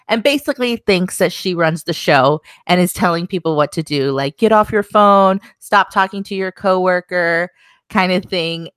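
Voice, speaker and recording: A woman's voice: on the low side, a bit bright, clear, resonant tone, no room sound. A young woman co-hosting a podcast, recapping a show in an easygoing, chatty way. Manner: easygoing, chatty narration with quoted lines. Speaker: podcast co-host. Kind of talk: casual recap chat.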